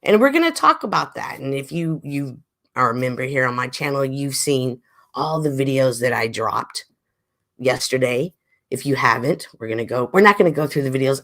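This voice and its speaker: A woman hosting a casual livestream, reading chat comments aloud, a little stuffy, with a lively way of talking that swings from loud exclaims to murmurs. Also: a bass voice. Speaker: livestream host.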